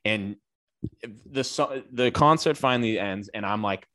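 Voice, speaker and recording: A man casually telling a long, animated anecdote on a podcast, with lots of swearing. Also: on the low side, unhurried, no room sound, clean studio sound. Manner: animated, profane anecdote telling with acted quotes. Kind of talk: casual storytelling chat.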